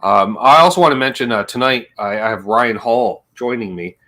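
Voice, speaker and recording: A man's voice: medium pitch, moderate pace, bright, forceful tone. A man hosting a casual livestream chat, rambling and joking and reading viewer comments aloud as he talks. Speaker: livestream host.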